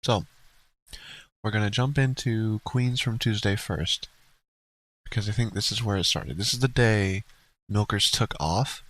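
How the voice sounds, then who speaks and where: A man in a slightly low register runs commentary for his viewers. He rambles through asides and gets blunt and profane. The sound is dry and close, with no room around it. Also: a little slow, pauses often, fairly bright tone, dry recording, low-quality recording. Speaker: streamer reacting to a livestream. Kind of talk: casual commentary to chat.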